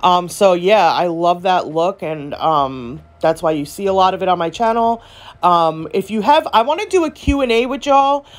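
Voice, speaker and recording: A woman's voice: lowish voice, expressive, moderate pace. A woman nail vlogger, gushing in a chatty casual product review full of fillers.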